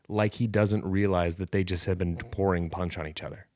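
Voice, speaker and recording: Podcast co-host: low-pitched man, rambling and self-deprecating, dry close mic. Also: steady tone, dark tone, no room sound. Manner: rambling, jokey, self-deprecating, quick asides. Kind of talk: casual chat.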